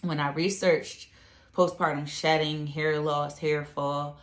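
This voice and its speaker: A woman with a very low voice talks casually to the camera in an echoey room at home. She rambles and fills her speech with "like" and "you know.". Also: little pitch movement, slow. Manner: chatty and rambling, many fillers. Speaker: vlogger.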